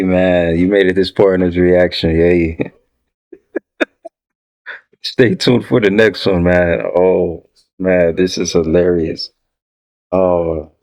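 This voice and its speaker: A man with a very deep voice talks slowly through a casual reaction video. He stays laid-back and amused, dropping short remarks between clips and asking viewers to like the video. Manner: relaxed, amused, drawn-out remarks.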